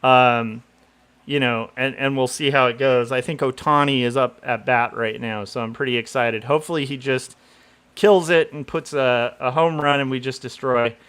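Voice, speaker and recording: A man's voice: mid-range voice, steady tone, moderate pace, fairly bright tone, clean tone. A middle-aged man from Southern California chatting casually on a livestream, rambling with lots of fillers and laughing at himself. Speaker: comic artist streamer.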